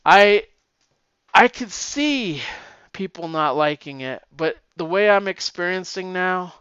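Excitable swearing man recapping comics. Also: sits high, slow pace, smooth, dry recording, lo-fi sound. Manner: excitable, heavy swearing, emotional. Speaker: comic book reviewer. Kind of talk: casual retelling of a comic book plot.

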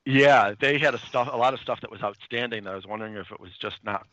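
Rambling man with a bright, lo-fi voice. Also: medium pitch, fast talker, dry recording. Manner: rambling, many fillers and restarts. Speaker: comics podcast co-host. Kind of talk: casual chat, retelling a comic's plot.

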